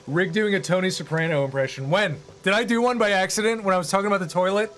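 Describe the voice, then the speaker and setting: A man's voice: sits high, quick pace, fairly bright tone, soft background music. A young man chatting casually on a live stream, joking and rambling as he goes.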